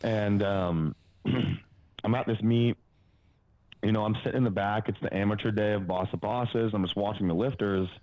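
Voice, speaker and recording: This podcast guest is a powerlifting coach in his twenties, telling loose, meandering stories full of filler words and a curse now and then. He speaks at a normal speed in a fairly low, fairly even voice. There's no room sound, and the highs are missing.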